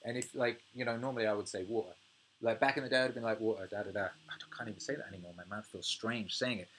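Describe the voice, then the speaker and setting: A British man in his thirties hosting a casual livestream, reading viewer comments, swearing freely and ranting with animated energy. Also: medium pitch, fast. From United Kingdom. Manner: swears freely, animated rants, laughs often. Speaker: music producer and livestream host.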